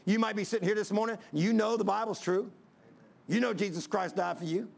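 Preacher guy in church, high gravelly voice, repeats himself and hollers. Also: a little fast. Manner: emphatic, repetitive, building to shouts. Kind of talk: sermon. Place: church before a congregation.

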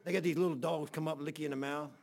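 A man preaching a sermon in a folksy, halting way with many fillers, reading scripture aloud in old-fashioned wording. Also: on the high side, steady tone, creaky. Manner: reads scripture aloud in King James wording. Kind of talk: sermon Bible teaching.

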